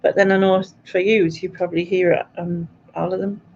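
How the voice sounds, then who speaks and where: A woman's voice: on the low side, fairly even intonation, moderate pace, a little mellow, muffled recording, slight background noise. A woman with a Sunderland accent, hosting a live quiz stream in a chatty, informal way full of local slang. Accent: Sunderland (Mackem) English. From North East England. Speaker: quiz host. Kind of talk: casual live-stream chat.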